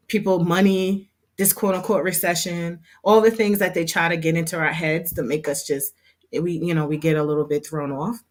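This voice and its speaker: A woman on a casual livestream talking to her members, chatty and quick to laugh, with plenty of fillers and restarts. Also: on the low side. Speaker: hair business owner and instructor.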